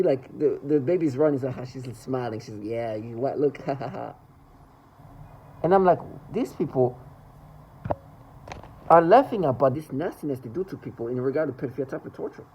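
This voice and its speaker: In a rough recording with slight background noise, a man with a fairly high, slightly mellow voice vents to the camera. The vlogger's agitated personal monologue wanders, restarts and repeats, and he mimics how others laughed.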